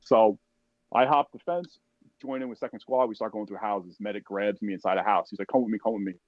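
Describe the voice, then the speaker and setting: A man telling a war story in a casual, profane, animated way, acting out the voices of other people as he goes. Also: on the low side, brisk, dry recording, muffled recording. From United States. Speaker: podcast guest, army veteran.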